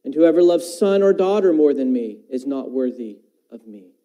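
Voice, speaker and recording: A man's voice: mid-range voice, animated, moderate pace, warm tone, muffled recording. A man preaching a sermon, quoting scripture and asking his listeners questions. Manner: talks about teaching his own children.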